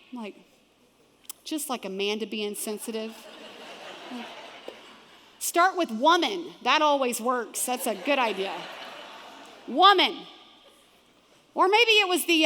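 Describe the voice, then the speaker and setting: A woman pastor with a Texan accent preaching a sermon, animated and acting out the voices of people in the story. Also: on the high side. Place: large church auditorium. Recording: long hall reverb from a church auditorium.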